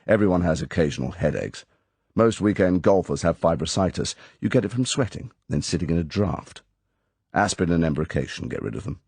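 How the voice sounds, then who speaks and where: A man's voice: low-pitched, animated, fairly quick, a little mellow, husky, no room sound, heavily acted. A man doing an exasperated secret agent. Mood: defensive. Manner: polite but exasperated. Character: impatient male secret agent, defensive and wry.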